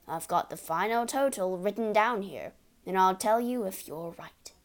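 Woman reader as bullying dad, loud, shouty, boastful. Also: mid-range voice, animated, normal speed, lightly acted. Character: blustering boastful middle-aged father.

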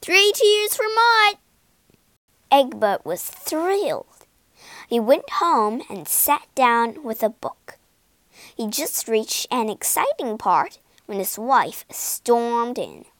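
Storybook narrator: woman, high and animated, unhurried, dry close sound. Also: no room sound. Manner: slow, lively storytelling with big character voices. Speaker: storybook reader. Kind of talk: expressive storybook read-aloud.

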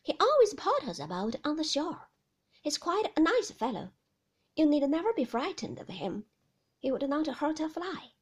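A woman's voice: sits high, sing-song, moderate pace, voice pushed up. A woman reading as a reluctant, uneasy man. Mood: reassuring. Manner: quiet, reluctant, constrained. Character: reserved, uneasy middle-aged man. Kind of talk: storybook reading.

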